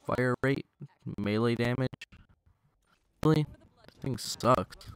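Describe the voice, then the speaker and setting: A man's voice: medium pitch, takes it slowly, clear, resonant tone, dry recording. A young man giving loose, joking commentary over his own gameplay, swearing and talking to the enemies on screen through a gaming headset. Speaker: gaming channel host.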